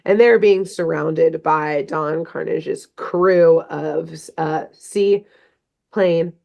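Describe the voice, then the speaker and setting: A young adult woman co-hosting a podcast, recapping a cartoon episode in casual, animated storytelling and slipping into playful quoted voices. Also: low voice, drawn-out words, vocal fry, muffled recording. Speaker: podcast co-host.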